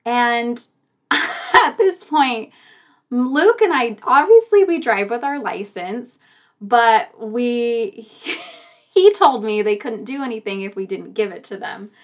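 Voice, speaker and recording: A young woman telling a personal story in a casual chat, animated and laughing often. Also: on the high side, slow.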